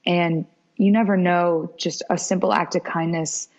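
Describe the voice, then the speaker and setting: A woman's voice: on the low side, measured pace. A young woman, a podcast guest, telling stories in a casual interview and acting out the dialogue. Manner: animated, acts out quoted dialogue. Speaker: podcast guest, former pro soccer goalkeeper. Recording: dull lo-fi podcast audio.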